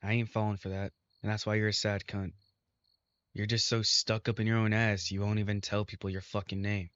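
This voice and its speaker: A foul-mouthed young minotaur, blunt and fierce, chewing out a friend, as a man reads him aloud. The voice sits low and pushes hard. It comes through a dull, dry home recording with no room around it. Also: little pitch movement, fairly quick, a bit bright, clean tone, no echo, lightly acted. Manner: crude, swearing, scolding.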